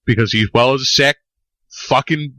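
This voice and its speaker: A man's voice: medium pitch, normal speed, pushed and bright, no echo. A young man co-hosting a podcast in casual chat, rambling, swearing and joking. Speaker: podcast co-host.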